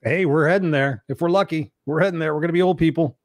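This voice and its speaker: A man's voice: fairly high pitch, fast talker, no room sound, studio quality. A man in his fifties hosting a live-streamed talk show, chatty and joking, swearing freely. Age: 50s. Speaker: host. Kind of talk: casual live-stream chat.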